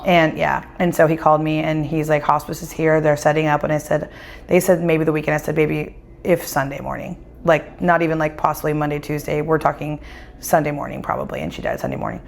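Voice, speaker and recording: Woman medium telling stories, acts out the quotes, lowish voice. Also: brisk, creaky, slight background noise. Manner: animated, acts out quoted dialogue. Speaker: psychic medium guest. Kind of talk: casual storytelling conversation. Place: winery.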